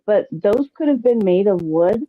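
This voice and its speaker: A woman's voice: mid-range voice, expressive, moderate pace, no echo. A woman joining a casual chat as a guest, hesitant with many fillers and restarts. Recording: tinny phone-like call line.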